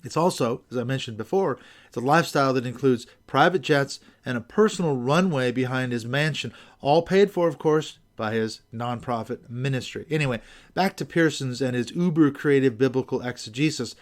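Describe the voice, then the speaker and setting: A man's voice: mid-range voice, normal speed. A man hosting a podcast, reading scripted commentary with wry, skeptical asides. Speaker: podcast host.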